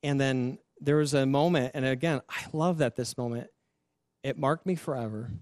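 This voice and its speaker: A male pastor sharing his testimony in a sermon, telling it in a candid, self-mocking, animated way. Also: medium pitch, moderate pace, dry recording, studio quality.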